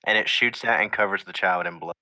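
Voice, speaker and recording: Deep-voiced young game master. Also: male voice, bright, forceful tone, a little hiss or hum. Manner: halting, restarts often while describing scenes. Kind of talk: narrating a tabletop game.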